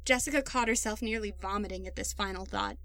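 A woman narrating a dark story in a measured, dramatic storytelling manner. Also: mid-range voice, soft background music. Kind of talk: scripted narration.

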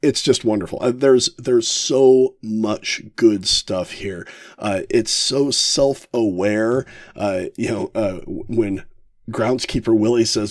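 A man hosting a casual podcast, ranking favorite episodes with frequent chuckles and halting fillers. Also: medium pitch, dry recording, clean studio sound. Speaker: podcast host.

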